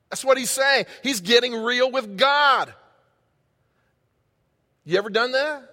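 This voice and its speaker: A man's voice: very high-pitched, takes it slowly, long pauses, pushed and bright. A man preaching a sermon as pastor, impassioned and conversational, talking straight to the congregation. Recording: long hall reverb.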